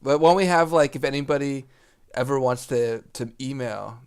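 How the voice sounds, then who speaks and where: A man's voice: mid-range voice, normal speed, clean tone. A man co-hosting a podcast in casual chat, easygoing and teasing, rambling with fillers and restarts. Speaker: podcast co-host.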